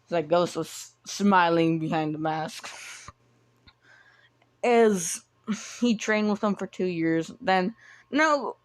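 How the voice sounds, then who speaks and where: A woman's voice: on the low side, takes it slowly, pauses often. A woman casually retelling a fan story, rambling and stumbling over her words with lots of restarts and some offhand swearing.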